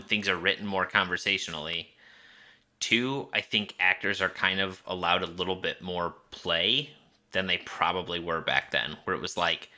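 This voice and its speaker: Brief: male co-host, lowish pitch, sharp bright tone, casual and chatty. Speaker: podcast co-host. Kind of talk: casual film discussion chat.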